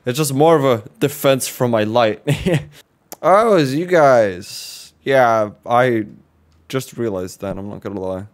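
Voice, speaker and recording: A man casually commenting while playing a horror game, joking, reacting fast and swearing now and then. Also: medium pitch. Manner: jokey, swears, quick reactions. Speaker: let's play host.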